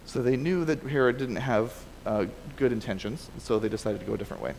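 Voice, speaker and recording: A man gives a relaxed, conversational sermon in a church sanctuary at a middle pitch. He often restarts his sentences and corrects himself as he goes. His voice carries a long hall reverb over faint background noise. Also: fast, creaky, hardly any pauses. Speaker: preacher. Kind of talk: casual sermon with scripture reading.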